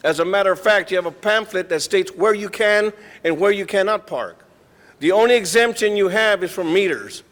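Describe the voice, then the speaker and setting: A man's voice: sits high, moderate pace, fairly bright tone, in a large hall. A man giving a firm, lecturing public comment at a city council meeting, speaking into a podium microphone in the council chamber.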